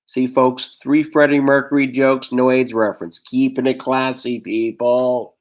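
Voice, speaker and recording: A man from Texas doing a stand-up set over a video call, firing off quick deadpan one-liners and putting on voices for the characters in his jokes. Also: mid-range voice. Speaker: stand-up comedian.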